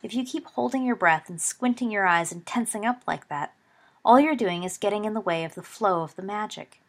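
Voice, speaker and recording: A woman voicing a gentle, patient teenage boy wizard encouraging a friend in a storybook reading. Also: mid-range voice, fairly quick, lightly acted. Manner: gentle, reassuring.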